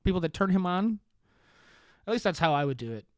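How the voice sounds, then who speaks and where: A man hosting a podcast in a sarcastic comedic monologue, swearing and laughing at his own deadpan jokes. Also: high voice, fairly quick, no echo, studio quality. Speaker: podcast host.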